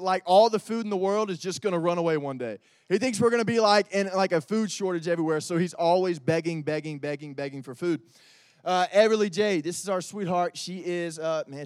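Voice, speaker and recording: A man's voice: high voice, smooth, no echo, clean studio sound. A man, preaching to a youth group in a casual, storytelling way with lots of fillers. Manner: conversational, animated storytelling with many fillers. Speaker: youth pastor.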